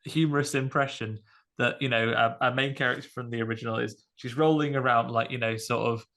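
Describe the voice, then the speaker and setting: Male podcast host, tense bright tone, wry casual chat. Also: medium pitch, fairly even intonation, a little fast, gravelly. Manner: chatty, wry, many fillers.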